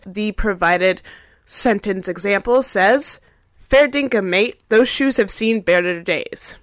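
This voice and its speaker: A woman's voice: on the low side, fairly bright tone, dry recording, studio quality. A woman in her thirties telling a playful, self-mocking story about a puzzling phrase. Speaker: contributor sending in a question. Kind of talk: scripted monologue.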